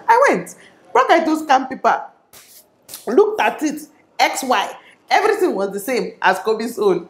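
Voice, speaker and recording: A young woman with a Nigerian accent, telling a personal story to camera in a casual, animated vlog style with quoted dialogue. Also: medium pitch, normal speed, reverberant. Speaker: vlogger.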